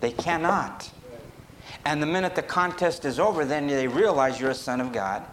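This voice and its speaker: A man preaching a sermon, rising to emphatic peaks and dropping low, with sudden shifts in pace. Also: normal speed, a little hiss or hum. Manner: animated, rises to emphatic peaks and drops low.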